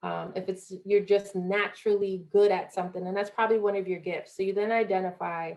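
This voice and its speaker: Speaking briskly in a steady, mid-range voice with a touch of mellowness, this former college athlete from Jamaica is a young podcast guest. She talks earnestly and motivationally, performing the voices she quotes.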